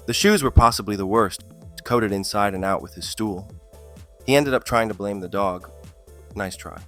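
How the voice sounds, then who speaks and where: A man's voice: on the low side, a bit bright. A man narrating funny stories in a scripted style, with a dry comic delivery that lifts on the punchlines. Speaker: storyteller.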